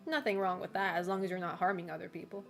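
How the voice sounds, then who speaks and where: With a lowish voice, vocal fry, and a level tone, a woman streamer talks at a quick pace in casual conversation with her live chat. Her remarks are loose, filler-heavy with "like" and "you know," and often broken up by laughs, over soft background music.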